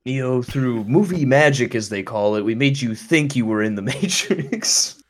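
Mock-grand male mentor, slow deliberate delivery, a man in his own voice. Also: mid-range voice, animated, close to an everyday voice.

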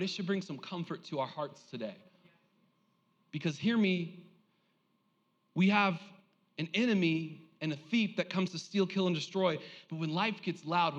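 A male pastor preaching a lively sermon, joking and calling on the congregation to respond. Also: on the high side, long reverb tail, lo-fi sound.

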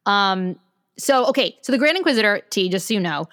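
A woman co-hosting a podcast, speaking at an ordinary middle pitch. She talks in loose, chatty runs strung together with "like". The recording is close and dry, with no room sound. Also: expressive, brisk, a bit bright, no room sound. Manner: chatty, strings thoughts together with "like". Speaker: podcast co-host. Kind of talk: casual chat.

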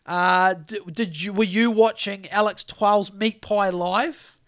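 A man's voice: high voice, steady tone, slow pace, a bit bright. A man with a New Zealand accent, co-hosting a podcast in a heated, profane rant. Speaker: podcast co-host.

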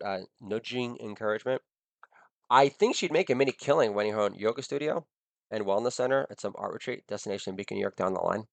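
A middle-aged man rattles off a crude comic monologue for his podcast, often laughing at his own lines. His pitch leaps around with lively energy, and his voice sits dry and close to the mic with no room around it. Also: dry recording. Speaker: podcast host.

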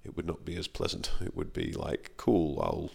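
Low, gravelly Australian man rambling. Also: monotone, a little fast. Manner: rambling, self-deprecating, acts out quoted voices. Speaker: actor guest. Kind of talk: casual podcast chat.

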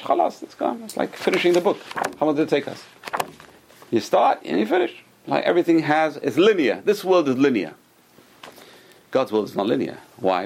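A man's voice: mid-range voice, creaky, slight background noise. A man teaching a religious class to a group, telling stories with restarts and acted-out quotes. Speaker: Torah teacher.

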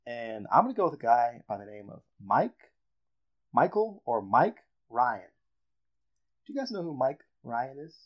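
A man's voice: medium pitch, unhurried. A man hosting a casual sports podcast chat, telling a story with dramatic build-up. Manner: animated storyteller, builds up reveals. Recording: dull lo-fi audio.

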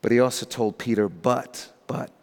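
Earnest preacher in a reverberant hall. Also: male voice, medium pitch, steady tone, moderate pace, a little mellow. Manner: earnest, dramatic storytelling delivery. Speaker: pastor. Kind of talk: sermon.

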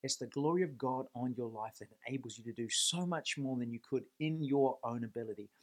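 A man's voice: mid-range voice, brisk. A man giving a faith-based leadership talk to camera, earnest and emphatic, stressing points by repeating words and posing rhetorical questions. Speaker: Christian leadership speaker.

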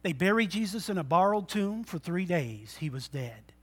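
A man preaching a sermon, moving from quiet, intimate talk to loud exhortation and acting out the voices of people in his stories. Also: high-pitched, sing-song, normal speed, slightly rough. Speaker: pastor.

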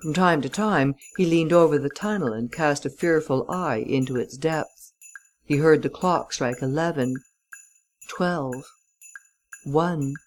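Woman audiobook narrator, low voice, slow and measured delivery. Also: low-quality recording. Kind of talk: scripted narration of a classic novel.

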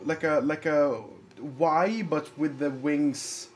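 A man's voice: a little high, steady tone, slow, slight background noise. A man chatting casually and enthusiastically, rambling a little as he talks. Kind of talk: casual chat.

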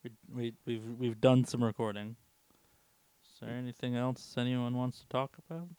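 Wry podcast host, mid-pitched man. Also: level tone, normal speed, darkish tone, smooth, no echo. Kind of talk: casual chat.

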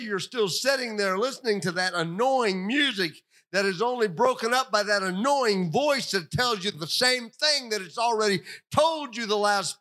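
An older man preaching a sermon, animated and storytelling, acting out the voices he quotes. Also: high voice. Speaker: pastor.

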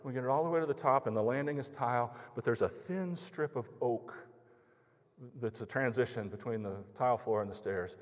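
A man's voice: medium pitch, a little fast. Man telling a story in a reverberant hall. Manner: conversational, anecdotal, acts out others' lines. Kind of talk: storytelling sermon. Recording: long reverb of a large hall.

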